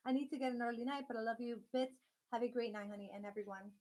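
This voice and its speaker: A woman's voice: on the high side, fairly even intonation, rapid-fire, darkish tone. A woman hosting a casual live stream from home, chatting directly with her viewers and laughing often.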